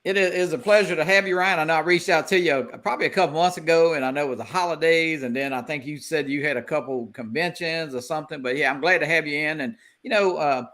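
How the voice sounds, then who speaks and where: A man's voice: on the high side, fast talker, hardly any pauses, fairly bright tone. A man hosting a casual drone livestream, talking in a rambling way with many fillers and restarts. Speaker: show host.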